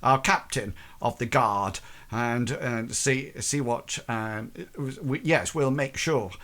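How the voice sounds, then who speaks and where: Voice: mid-range voice, slow pace, a bit bright. A game master voicing a nervous male city guard who stammers deferentially. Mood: flustered.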